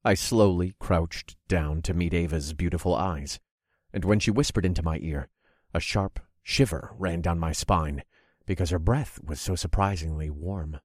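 A man narrating a story in the first person with a measured, dramatic delivery. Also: low voice, a little mellow, no room sound, clean studio sound.

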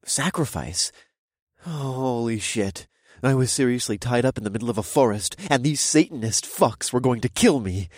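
A man's voice: medium pitch, lively intonation, fairly quick, few pauses, a little mellow, no echo, studio quality. A young man narrating a first-person audiobook in a wry, casual, profane way.

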